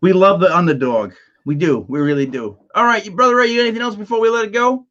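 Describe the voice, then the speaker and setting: A man's voice: high voice, fast, a bit bright, dull audio. A man hosting a casual sports podcast, talking in an emphatic, conversational way and sometimes repeating words as he starts a sentence. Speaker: podcast host.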